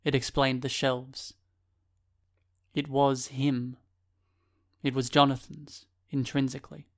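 A male narrator reading fiction aloud at a mid-range pitch. His delivery is measured and even, carrying the story steadily from line to line. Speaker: audiobook narrator. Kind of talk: scripted narration.

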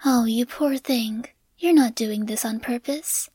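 A strong but kind young heroine talks gently and reassuringly, as a woman reading the story puts her on. Her voice is fairly high. It sounds dry and close, with no room echo. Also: normal speed.

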